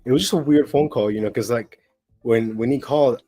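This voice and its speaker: A man's voice: mid-range voice, a little fast, dark tone, no room sound. A man who works as a gig delivery driver, chatting as a guest, rambling with lots of "like" and "you know". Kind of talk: casual interview chat.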